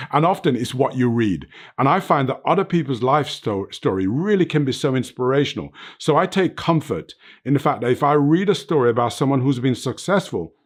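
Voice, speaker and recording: An earnest older man with a medium-pitched voice shares life lessons as a fitness motivator being interviewed at his home under film lights. His reflective, motivational talk is peppered with "right?" and "you know what."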